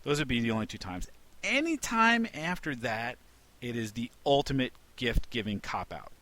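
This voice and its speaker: A man's voice: medium pitch, sing-song, moderate pace, pushed and bright, slight background noise. A man co-hosting a casual podcast, talking emphatically, swearing freely and restarting his sentences. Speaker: podcast co-host. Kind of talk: casual banter.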